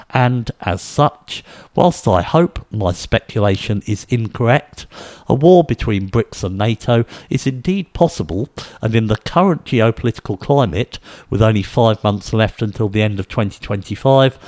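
A man methodically reading out a list of figures and then giving his own speculative commentary, in a steady, measured way. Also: fairly low pitch, no room sound. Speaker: video commentator.

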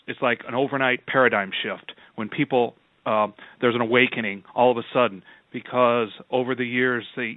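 A man's voice: mid-range voice, no echo. Indignant male radio host, tinny sound. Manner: indignant, emphatic. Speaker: radio talk show host. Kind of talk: radio interview. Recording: tinny phone-like audio.

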